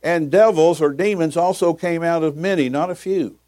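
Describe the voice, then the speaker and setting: A man's voice: a little high, moderate pace, darkish tone, dry recording. An older man preaching as a pastor, telling folksy stories and chuckling between them. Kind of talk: sermon with storytelling.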